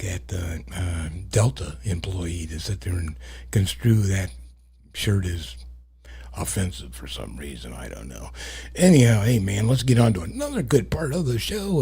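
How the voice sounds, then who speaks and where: Deep-voiced man hosting blunt commentary. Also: dark tone, breathy edge. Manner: blunt, profane, laughs at own jokes; many fillers and trailing asides. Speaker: host. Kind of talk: casual commentary.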